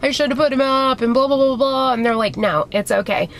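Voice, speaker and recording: A woman's voice: high voice, little pitch movement, fast, a bit bright, slight background noise, poor audio. A woman vlogger telling a long story in casual chat, rambling and swearing a lot. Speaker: beauty vlogger.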